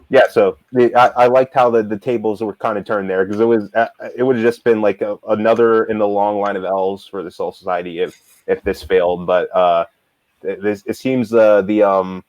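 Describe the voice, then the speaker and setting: Animated rambling man, low voice, dry sound. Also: no echo, poor audio. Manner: animated, rambling, peppered with likes and restarts. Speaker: manga reader and show co-host. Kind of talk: casual discussion.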